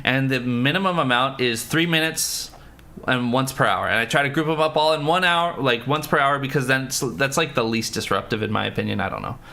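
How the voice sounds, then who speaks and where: A man's voice: medium pitch, fairly quick, gravelly, bright, forceful tone. A man live-streaming a game, chatting with viewers, greeting them by name and thinking through puzzles aloud.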